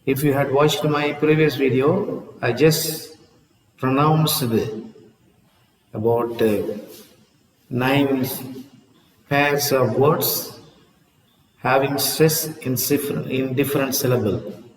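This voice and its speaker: A man teaching an English lesson to his channel viewers, talking in a slow, deliberate way and repeating himself. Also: medium pitch, steady tone. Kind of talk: online lesson. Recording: echoey room, voice from far off.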